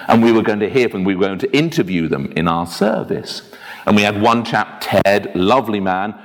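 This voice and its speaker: Lively male minister preaching in a reverberant church. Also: lowish voice. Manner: anecdotal, self-deprecating, lively storytelling. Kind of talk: sermon. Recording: long reverb of a church hall.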